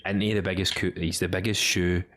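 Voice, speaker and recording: Deep scottish bloke, slangy football chat, says mate a lot. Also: male voice, fairly quick. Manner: excitable, slangy, calls people mate. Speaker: podcast co-host. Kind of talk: casual chat about football.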